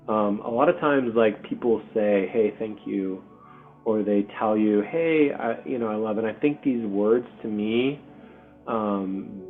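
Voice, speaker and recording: A man hosting a spiritual community video call, speaking softly and hesitantly with many pauses and ums. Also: lowish voice. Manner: soft-spoken, hesitant, full of pauses and ums. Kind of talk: heartfelt spiritual community talk. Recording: tinny call audio with faint music.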